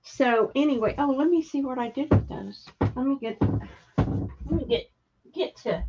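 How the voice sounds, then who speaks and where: A woman's voice: sits high, measured pace, noisy background. An older woman casually chatting on a live stream, greeting viewers by name and trailing off as she searches for things. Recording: dull lo-fi stream audio.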